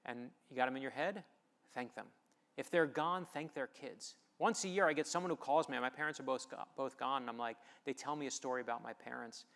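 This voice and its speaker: A middle-aged man giving an inspirational storytelling speech at a festival, emphatic and animated as he acts out conversations. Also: mid-range voice, gravelly. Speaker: author giving a festival talk. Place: festival stage before an audience.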